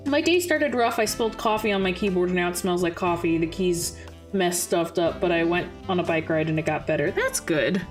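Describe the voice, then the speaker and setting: A woman's voice: fairly low pitch, brisk, soft background music. A woman streamer chatting casually and reading game narration aloud, laughing easily.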